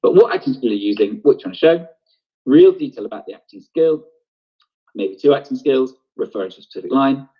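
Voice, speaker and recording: A man's voice: mid-range voice, lively intonation, brisk, highs cut off. A man teaching an online drama lesson, explaining step by step and thinking aloud. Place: home, on a video broadcast.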